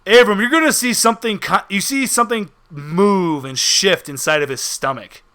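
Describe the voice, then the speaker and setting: A man's voice: high voice, moderate pace, sharp tone, clean tone. A man narrating a tabletop horror game as game master, with dramatic descriptions and frequent laughter.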